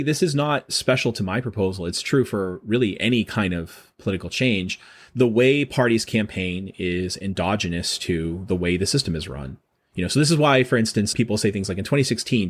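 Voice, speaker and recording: Brief: middle-aged male academic guest, low voice, rapid explanations. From Boston. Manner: quick, animated explaining with frequent restarts. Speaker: guest professor. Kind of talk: casual interview talk.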